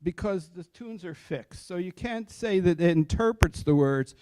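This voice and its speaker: A man's voice: high voice, expressive, a little slow, a little mellow, slight background noise. An older man, a cantor, giving an informal lecture to a study group, explaining patiently and asking his listeners questions before answering them himself. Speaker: cantor teaching Torah chant.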